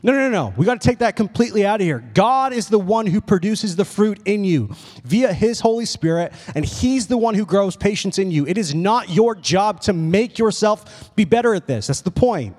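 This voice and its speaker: A young man preaching a casual, animated sermon, telling stories with lots of "like"s. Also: high-pitched, normal speed. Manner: casual, animated storytelling with many "like"s. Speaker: pastor. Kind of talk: youth sermon. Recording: long reverb of a hall.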